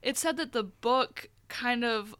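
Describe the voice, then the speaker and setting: A woman co-hosting a casual podcast, frank and profane, with quick agreeing interjections. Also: a little high, a bit bright, smooth. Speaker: podcast co-host.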